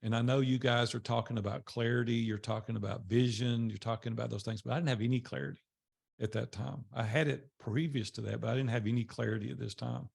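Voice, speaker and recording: A man's voice: vocal fry, slightly rough. An older man tells his life story to a small group in a conversational way, voicing the people he quotes. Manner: conversational, acts out quoted dialogue with rising pitch.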